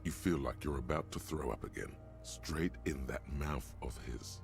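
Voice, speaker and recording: An actor voicing a grim, omniscient male video game narrator, deliberate and vivid in second-person narration. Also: rumbling low, gravelly, music in the background.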